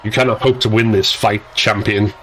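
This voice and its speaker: A man voicing a menacing male vampire fighter in a deep Eastern European accent, taunting and cold in a storybook reading. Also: fairly even intonation, moderate pace, fairly bright tone, slight background noise, natural voice, low-quality recording.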